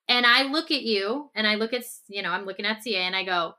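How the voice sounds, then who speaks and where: A woman's voice: medium pitch, quick pace, hardly any pauses, pushed and bright. A woman co-hosting a relationship podcast, talking through a hypothetical scenario and often checking in with "okay?" and "right?". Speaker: podcast co-host.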